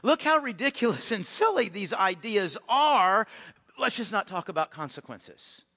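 A man preaching a sermon in a lively, conversational way, often repeating words as he restarts his sentences. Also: high voice, moderate pace. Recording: echoey hall with long reverb.

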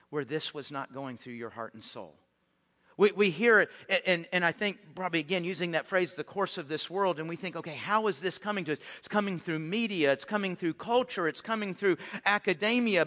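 A man preaching a sermon in a lively, conversational way, often repeating words as he restarts his sentences. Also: sits high. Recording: echoey hall with long reverb.

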